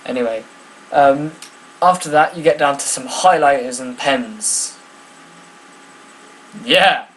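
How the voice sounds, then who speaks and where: A man's voice: medium pitch, takes it slowly, fairly bright tone, slight background noise, low-quality recording. A young man chatting casually to camera, rambling and self-mocking with many ums. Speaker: vlogger. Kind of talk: casual vlog chat.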